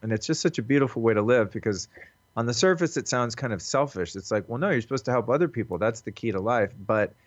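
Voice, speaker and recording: A medium-pitched, animated man talks fast as a guest on a podcast, calling in. He's reflective and earnest but relaxed and quick to swear; the lo-fi call recording sounds dull and lacks any room sound.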